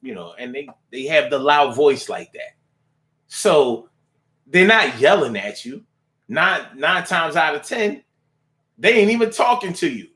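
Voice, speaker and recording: A male talk show host with a slightly high voice, speaking in relaxed full of slang. He chats loosely to his listeners and riffs playfully, even half-singing the call-in number. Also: measured pace. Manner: loose, street slang, sings the phone number.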